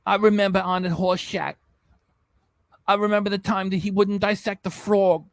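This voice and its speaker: A man with a notably high speaking voice hosts a reaction livestream in loose, rambling chat. He jokes constantly and drifts into silly voices. The sound is dry and close. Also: level tone, normal speed, no echo. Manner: jokey, rambling, keeps slipping into silly voices. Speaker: reaction channel host.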